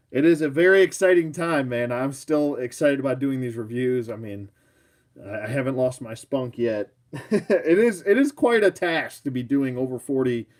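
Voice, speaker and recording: Chatty man hosting a live toy review. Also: mid-range voice. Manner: rambling, chatty, self-mocking, answers viewers. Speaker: action figure reviewer. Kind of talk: casual live review chat.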